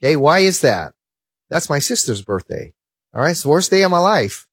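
A man giving a lively Christian apologetics talk, full of stories and rhetorical questions. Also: fairly high pitch, normal speed, husky, dry recording. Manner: animated, storytelling, rhetorical questions.

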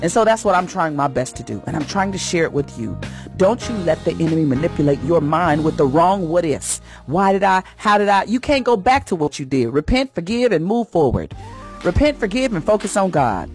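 A woman's voice: fairly low pitch, very animated, a little fast. Woman radio host, earnest and preacherly, faint music underneath. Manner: warm, earnest, preacherly, rising in emphasis. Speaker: radio host giving a faith message. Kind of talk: inspirational radio talk.

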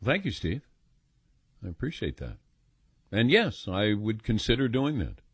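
A man's voice: lowish voice, unhurried, slightly rough, dry recording, studio quality. Older man hosting call-in radio. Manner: animated, self-deprecating storyteller. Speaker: radio show host.

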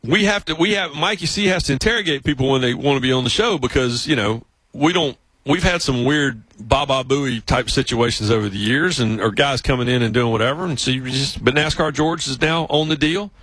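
A man from South Carolina with a Southern accent, hosting a sports radio show and telling stories in an animated way. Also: mid-range voice, brisk, few pauses, dry recording, low-quality recording. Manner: animated storyteller, mimics other voices, laughs often. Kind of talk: casual radio storytelling. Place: radio studio. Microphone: studio microphone.

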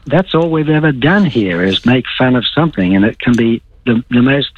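A man's voice: medium pitch, lively intonation, moderate pace, no echo. An older Australian man calling a talk radio show, rambling and searching for words as he gives blunt opinions. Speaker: caller. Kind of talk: casual talk radio call. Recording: tinny phone line.

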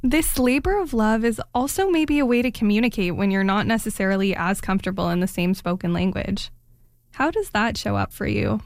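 A woman's voice: mid-range voice, fairly quick, vocal fry, no echo, studio quality. A woman hosting an interview, asking thoughtful, conversational questions. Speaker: interviewer, host.

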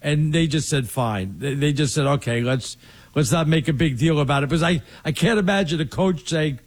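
Man, co-host, casual sports chat, husky, slightly high voice, emphatic, rambling. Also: fairly quick. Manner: rambling, restarts often, emphatic opinions. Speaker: podcast co-host.

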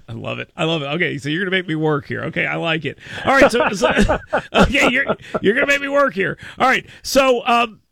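Man, talk radio host, high gravelly voice, bright tense tone, laughs a lot. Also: dry recording. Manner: jokey, laughing, animated, lots of restarts. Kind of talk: casual political talk radio.

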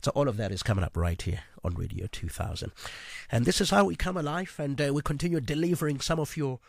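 A man presenting a late-night radio music show in a chatty, easygoing way, with filler pauses. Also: mid-range voice, lively intonation, gravelly, no echo.

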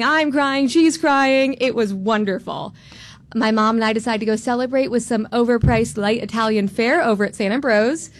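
A woman in her twenties from Florida, telling a personal story on stage in a candid, self-deprecating, animated way. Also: mid-range voice. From Tampa, Florida. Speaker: storyteller, law student.

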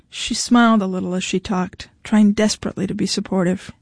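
A woman reading a novel aloud in measured storytelling narration. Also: medium pitch, steady tone, gravelly, dry recording, studio quality. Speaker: audiobook narrator. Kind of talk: scripted narration.

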